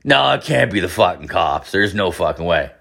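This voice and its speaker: A man's voice: sits low, lively intonation, moderate pace, vocal fry, fairly bright tone, faint music behind. A man in his thirties telling a rambling, profane comic story. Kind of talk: comedic personal storytelling.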